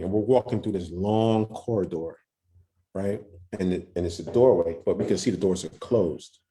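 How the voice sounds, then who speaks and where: Deep, dark-voiced man telling a story. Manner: loose, halting, with many restarts and street slang. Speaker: podcast guest. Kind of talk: casual storytelling testimony.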